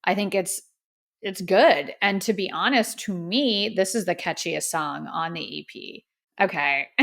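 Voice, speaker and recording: A woman hosts a podcast and talks through her music review in a relaxed, chatty way. She is frank and opinionated, with a mid-range voice and frequent filler words. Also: mid-range voice. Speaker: podcast host. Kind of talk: casual music review monologue.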